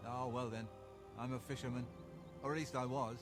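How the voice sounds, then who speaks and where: A gruff, defeated old fisherman from a video game, played by a man, grumbling about his losses in a mid-pitched voice. He sounds worn and self-pitying. Faint game music sits beneath him. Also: steady tone, moderate pace, natural voice. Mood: rueful.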